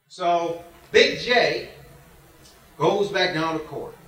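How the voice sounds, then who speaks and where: Male preacher, high and bright, animated storyteller, distant echoey church hall. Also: extremely slow. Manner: animated storytelling, acts out voices, laughs often. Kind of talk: sermon with a personal story. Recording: roomy hall heard from afar.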